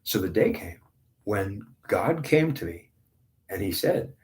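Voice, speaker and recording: Man, 50s, low voice, spiritual reader, intense and repetitive with halting restarts. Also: big pitch swings, a little mellow. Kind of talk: spiritual monologue.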